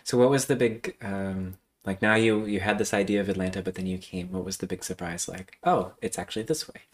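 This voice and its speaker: A woman's voice: a bass voice, steady tone, a little fast. A woman interviewing a guest in a casual chat, asking curious follow-up questions and laughing along.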